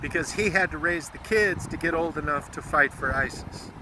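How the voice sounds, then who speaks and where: A man's voice: a little high, moderate pace, noisy background. An American man telling a moving story in a vlog, earnest and close to tears, swearing bluntly. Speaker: truck driver vlogger.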